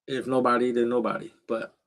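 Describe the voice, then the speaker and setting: A man's voice: medium pitch, little pitch movement, fairly quick, a bit bright. Laid-back man streaming from a shed. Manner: laid-back, talks straight to viewers with slang and fillers. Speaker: livestream host. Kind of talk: casual livestream chat. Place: backyard shed in the cold.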